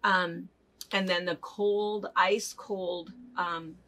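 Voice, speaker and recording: A woman's voice: on the low side, fairly even intonation, very slow, noisy background. Older woman, casual co-host, chatty storyteller, laughs a lot. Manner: chatty storyteller, laughs often while telling. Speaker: co-host of a fabric shop chat show. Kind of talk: casual chat.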